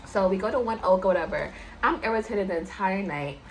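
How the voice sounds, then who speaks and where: Animated young woman telling a story. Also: a little fast, slight background noise. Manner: animated, big pitch jumps, talks straight to viewers. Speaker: vlogger telling a personal story. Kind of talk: casual storytime chat to camera.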